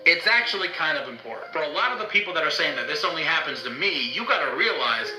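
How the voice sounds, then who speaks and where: A man's voice: fairly high pitch, lively intonation, quick pace. A man vlogging to his own camera in a bitter, heated rant, swearing often. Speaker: YouTuber. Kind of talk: angry vlog rant. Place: indoors, talking to own camera. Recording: roomy echo, faint music.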